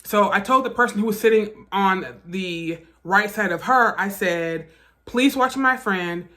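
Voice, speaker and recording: A woman vlogger telling a personal story in a casual storytime style, animated, profane and emphatic. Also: medium pitch, unhurried.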